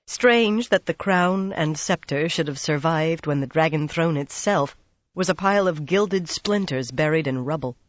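Woman calmly narrating a fantasy novel, dry sound. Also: sits low, normal speed, dry recording, highs cut off. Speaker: audiobook narrator.

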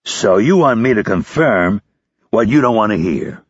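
A male narrator plays a gruff senior intelligence officer, impatient and profane. His voice is low and husky. It is recorded dull and dry. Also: animated, unhurried, no room sound. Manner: blunt, impatient, swears often.

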